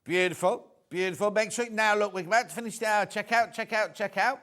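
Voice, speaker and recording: A British man hosting live TV sales, talking in a chatty, rambling way that keeps doubling back on itself. His voice sits a little high for a man. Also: fairly quick, hardly any pauses, pushed and bright. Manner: chatty, repeats words, reads out viewer messages. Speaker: shopping channel presenter.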